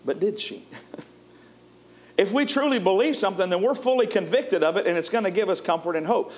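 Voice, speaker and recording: A man preaching a sermon in a folksy way, chuckling often and moving between lively and hushed delivery. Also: high-pitched, fairly quick.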